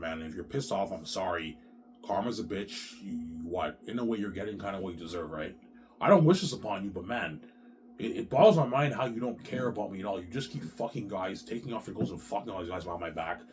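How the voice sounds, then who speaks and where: Fast-ranting, low-voiced middle-aged man. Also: slight background noise. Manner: profane, repetitive, ends phrases with "man". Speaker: vlogger. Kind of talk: ranting monologue.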